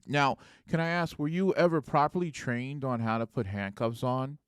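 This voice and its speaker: A man's voice: medium pitch, moderate pace, smooth, dry recording, studio quality, close to an everyday voice. A man acting out a pushy male lawyer who questions a witness in pointed, interrogating turns. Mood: pressing.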